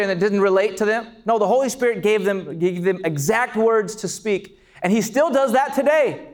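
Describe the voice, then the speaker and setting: A man preaching a sermon as pastor, passionate and building to shouts on key lines. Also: sits high, normal speed. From California.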